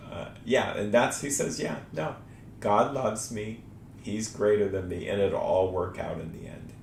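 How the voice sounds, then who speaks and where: A man with a very low voice shares his faith in an earnest, reflective way, as host of a spiritual talk show. The room rings noticeably around him. A soft rumble sits under the recording. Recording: echoey room with faint rumble.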